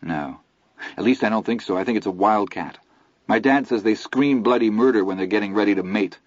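A man's voice: lowish voice, brisk, no room sound, lightly acted. A man voicing a tough young boy who talks curtly and with authority. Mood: tense. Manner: curt, authoritative. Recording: dull lo-fi audio.

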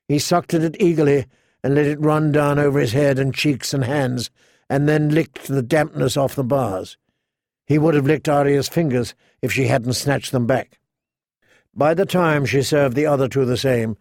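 A man narrating an audiobook in a measured, unhurried, vivid way. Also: mid-range voice, darkish tone, dry recording, clean studio sound. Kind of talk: scripted narration.

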